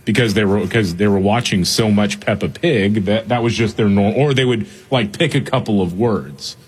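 A man with a very raspy, low voice co-hosts a casual talk show. He sounds relaxed and laughs easily between points. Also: normal speed. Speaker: co-host. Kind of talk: casual talk radio chat.

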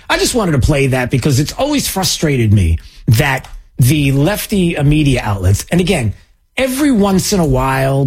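Host, male: husky, animated delivery, sarcastic asides. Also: mid-range voice. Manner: sarcastic, mocking asides, many fillers. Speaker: political commentary host. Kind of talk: conservative political commentary.

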